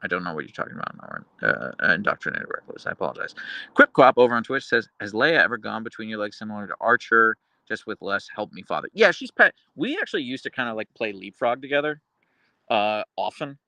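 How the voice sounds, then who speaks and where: A man's voice: lowish voice, very animated, fast, creaky, bright, forceful tone, dry recording. A man hosting a live stream, reading chat in a casual, rambling way with lots of fillers and sometimes talking to his dogs. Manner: baby-talks his dogs at times. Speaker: livestream host reading chat.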